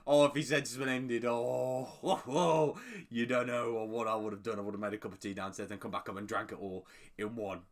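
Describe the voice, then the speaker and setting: A man casually commenting on a video he just watched, excitable and rambling. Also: on the low side, quick pace, few pauses. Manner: excitable, rambling, breaks into laughter. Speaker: video reactor.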